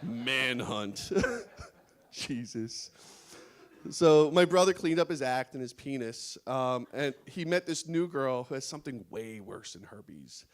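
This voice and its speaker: A man's voice: medium pitch, animated, slow pace. A man doing a stand-up comedy set on a small studio stage before a live audience, laughing at his own jokes.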